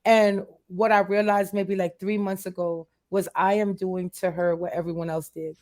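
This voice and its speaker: A woman's voice: mid-range voice, little pitch movement, moderate pace, few pauses, a little mellow. A woman guest in a candid interview, talking earnestly and emotionally and repeating phrases for emphasis.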